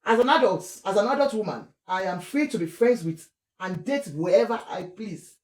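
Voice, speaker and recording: A Nigerian woman delivers lively, scolding gossip commentary in a mid-range voice. She slides between English, Yoruba and Pidgin. The sound carries the hollow echo of a bare room. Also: medium pitch, moderate pace. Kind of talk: casual commentary vlog.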